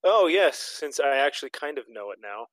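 A man co-hosting a casual gaming podcast, relaxed and dryly joking. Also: mid-range voice, normal speed, no echo, rough recording. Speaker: podcast co-host.

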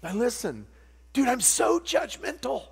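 A man preaching a sermon, animated and jokey, acting out little voices as he teaches. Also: very high voice, measured pace, creaky, slightly rough. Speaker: pastor. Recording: long hall reverb with mains hum.

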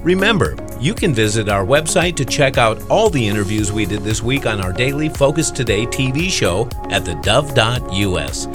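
Lively male announcer over music. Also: lowish voice, normal speed, few pauses. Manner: polished, lively announcer delivery. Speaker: podcast announcer. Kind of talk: scripted outro announcement. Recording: clear music bed under voice.

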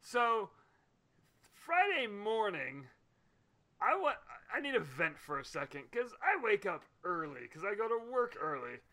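A man co-hosting a casual podcast chat, venting in an excitable, animated way. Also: sits high, a little slow. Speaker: podcast co-host.

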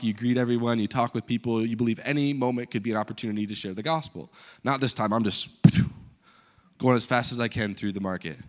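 A young man preaches as a guest speaker from a church stage, telling his story with animated energy. He acts out each person's lines as he goes. His voice sits at an ordinary middle pitch. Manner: animated storyteller acting out dialogue. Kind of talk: sermon storytelling.

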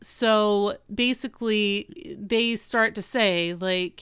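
A woman's voice: medium pitch, fairly even intonation, very slow, few pauses, fairly bright tone, clear, resonant tone. A woman co-hosting a podcast in casual chat, giggly and chiming in to build on the story. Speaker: podcast co-host.

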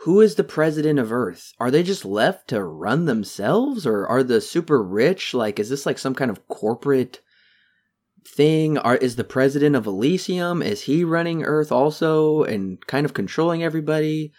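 A man co-hosting a podcast, chatting casually about a movie and mocking scenes with quick put-on voices. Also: a little high, lively intonation, a little mellow. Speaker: podcast co-host. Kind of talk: casual movie review chat.

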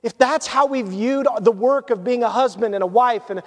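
A man preaching a sermon as pastor, conversational and storytelling, dropping to hushed tones at emotional moments. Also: extremely high pitch, a little fast. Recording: long church hall reverb.

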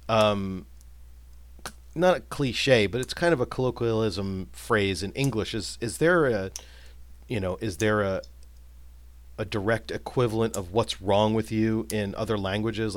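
Low-voiced man chatting about a film. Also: no room sound. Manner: musing, recaps scenes, animated when quoting. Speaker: podcast co-host. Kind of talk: casual film discussion.

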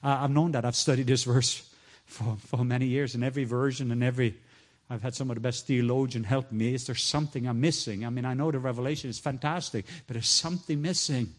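A middle-aged man preaching, telling a personal story in a sermon, sometimes soft and hushed, and rising high when he quotes others. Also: fairly even intonation, fast.

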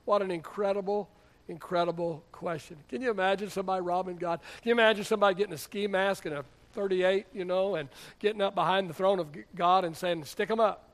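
A man's voice: high voice, steady tone, quick pace, fairly bright tone. A middle-aged man preaching a sermon as pastor, emphatic, with rhetorical questions and playful asides.

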